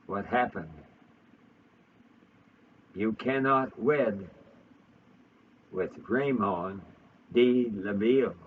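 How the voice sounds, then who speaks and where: A man's voice: sits high, gravelly, distant mic, phone-quality sound, a little hiss or hum, voice pushed up, full character voice. A man voicing a remorseful aging French nobleman father, speaking in a solemn confessional tone.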